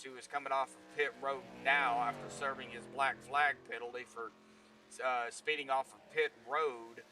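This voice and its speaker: A man doing laid-back sim racing play-by-play commentary, with self-deprecating banter between calls. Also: mid-range voice. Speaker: race commentator. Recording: distant mic with clear background noise.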